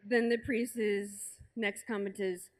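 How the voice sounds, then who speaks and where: A young American woman giving a personal testimony at a conference, telling her story with lively acted-out asides and quotes. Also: medium pitch, slow. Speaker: conference speaker. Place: large conference hall with an audience.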